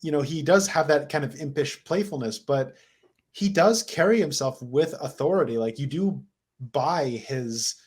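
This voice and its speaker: Husky-voiced man on a film podcast. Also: fairly high pitch, moderate pace, a little mellow. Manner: enthusiastic, many "like" fillers and restarts. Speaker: podcast co-host. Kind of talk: casual film discussion.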